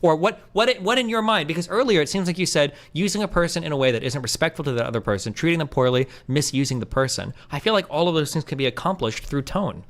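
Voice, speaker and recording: A man's voice: fairly high pitch, animated, fast, hardly any pauses, a bit bright. A man in a heated debate, blunt and sarcastic, swearing and cutting in. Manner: blunt, sarcastic, profane, interrupting. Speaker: debate streamer.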